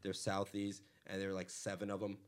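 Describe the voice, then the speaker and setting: A man's voice: deep voice, normal speed. A man from Los Angeles hosting a comedy podcast, telling profane stories and acting out quotes. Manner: animated, profane storytelling with acted-out quotes. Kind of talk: casual comedy podcast chat.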